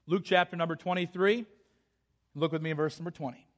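A man's voice: fairly high pitch, steady tone, fairly quick. A man preaching a sermon with passion, repeating phrases and restarting his sentences. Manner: impassioned, repetitive, with frequent restarts.

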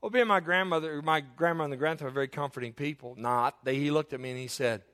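A man's voice: fairly high pitch, brisk, fairly bright tone. A middle-aged man, preaching a sermon as pastor and telling homespun stories with many restarts and asides. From Eastern Kentucky.

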